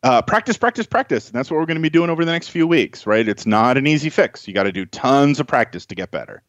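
A man's voice: mid-range voice, big pitch swings, quick pace, no echo, dull audio. Man explaining with frequent "right?". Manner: conversational, many restarts and "right?" tags. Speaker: guest MCAT tutor. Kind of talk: explanatory podcast talk.

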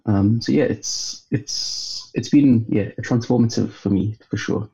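A man with a Yorkshire accent, a guest in a casual interview, relaxed and filling his speech with "you know". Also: on the low side, a little slow, vocal fry, poor audio.

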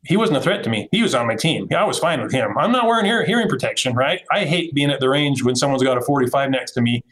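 Homem contando uma história com vivacidade. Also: male voice, medium pitch, expressive, quick pace, a bit bright, rough recording. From Utah, USA. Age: middle-aged. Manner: vivid, acts out quotes from the scene. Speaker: police officer, guest. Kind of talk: candid interview storytelling.

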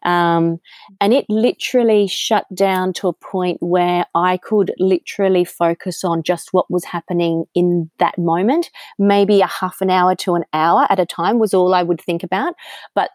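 Candid Australian woman, low voice, dry. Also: steady tone, moderate pace, darkish tone, no room sound. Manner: candid storytelling with frequent ums. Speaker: guest. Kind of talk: conversational interview.

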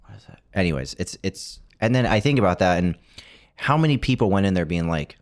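Low-voiced man, lively joking chat. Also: fairly quick. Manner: animated, joking, laughs often. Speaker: podcast co-host. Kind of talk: casual chat.

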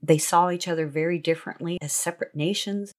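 A woman's voice: fairly low pitch, fairly even intonation, fast talker. A woman author on a podcast, speaking in thoughtful, earnest commentary.

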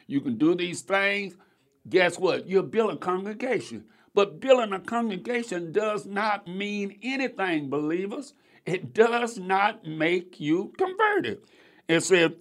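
Man, preacher, sermon, slow unhurried pace, drawn-out scripture reading, rising and falling cadence. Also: high voice, very animated. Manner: stretches scripture readings slowly, then rushes asides.

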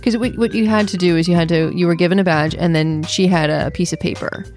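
A woman co-hosting a podcast, chatting in an animated, storytelling way. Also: on the low side, fast, soft background music. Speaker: podcast co-host. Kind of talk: casual chat.

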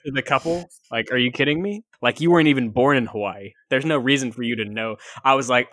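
A man with an average pitch and a dry, close recording, chatting on a movie podcast. He teases his co-hosts and throws in emphatic, incredulous asides. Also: fast talker, hardly any pauses, fairly bright tone, dry recording. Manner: playful teasing, emphatic asides. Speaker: podcast co-host. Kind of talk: casual chat.

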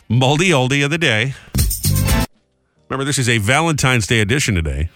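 Male morning-show host, lively jokey banter, bright voice. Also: mid-range voice, moderate pace, dry recording, soft background music. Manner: jokey, animated, self-deprecating. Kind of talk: casual radio banter.

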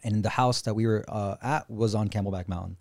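A man on a podcast as a guest, telling a story in an animated, excitable, casual way, full of slang and swearing. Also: on the low side, a little fast, creaky, dry recording.

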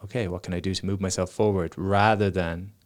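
A man's voice: sits low, fairly even intonation, fairly quick. A young man, a motivational speaker, chatting casually and telling stories in which he acts out the people he quotes. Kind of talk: casual podcast chat.

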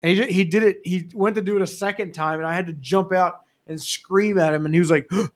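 Profane, animated young man telling stories. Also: sits high, fast. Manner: animated storytelling, profane, loud acted quotes. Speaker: podcast guest. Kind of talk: casual chat.

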